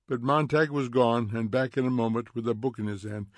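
A man's voice: mid-range voice, fairly quick, hardly any pauses, no echo. Man narrating in a dry studio. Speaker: audiobook narrator. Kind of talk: scripted narration.

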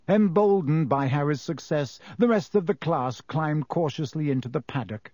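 A man's voice: fairly high pitch, darkish tone, no echo. Male audiobook narrator, dry close sound. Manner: measured storytelling. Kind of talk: scripted narration.

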